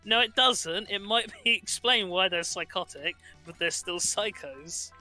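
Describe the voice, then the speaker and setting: A man's voice: sits high, moderate pace, hardly any pauses, bright, forceful tone, faint music behind, low-quality recording. A man ranting sarcastically in casual gaming chat as a co-host, swearing freely.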